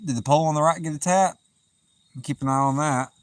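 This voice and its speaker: A man with a smooth, slightly high voice talks a little fast in a laid-back Southern drawl as he hosts an outdoor fishing livestream at night. He chats, laughs often and reads out viewer comments; the recording is rough, with no echo.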